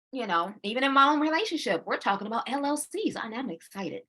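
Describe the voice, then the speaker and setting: A woman in her forties co-hosting a casual chat, animated, laughing often and repeating herself as she talks. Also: a little high, a little fast. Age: 40s. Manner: slips into quoting her own inner voice. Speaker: co-host.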